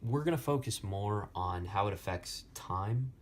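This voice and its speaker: A young man slowly explaining Latin poetic meter in a lesson, with many pauses and fillers. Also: lowish voice, animated. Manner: slow, halting, many fillers. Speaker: Latin tutor.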